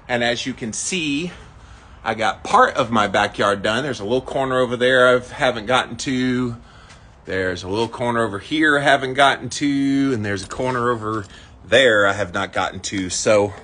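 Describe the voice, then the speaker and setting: Man, fifties, husky, a bit winded, upbeat live-stream host talking to camera in his yard. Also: medium pitch, fairly bright tone. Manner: upbeat, talks straight to viewers. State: a little out of breath. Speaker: vlogger. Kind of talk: casual live-stream chat. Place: backyard outdoors.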